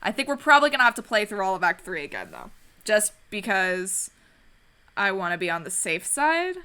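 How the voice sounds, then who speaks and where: A young woman hosts a let's play, chatting casually and playfully about her progress. Her voice is bright and forward. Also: medium pitch, big pitch swings, brisk, smooth. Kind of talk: casual game commentary.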